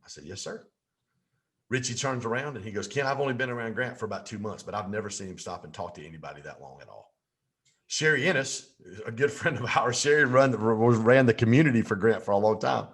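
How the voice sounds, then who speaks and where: Lively storytelling man, folksy. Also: mid-range voice, fast. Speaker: podcast guest. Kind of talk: storytelling in a podcast interview.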